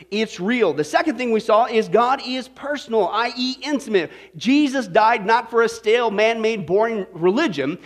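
A male pastor with a notably high voice delivers a lively sermon. He jokes with members of the congregation by name, then shifts to emphatic, slowed-down teaching on key points. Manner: joking, calls out to congregation by name.

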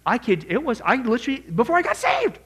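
A middle-aged man teaching a Bible class in an animated sermon style, swinging from quiet asides to loud exclamations. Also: extremely high pitch, quick pace, breathy edge.

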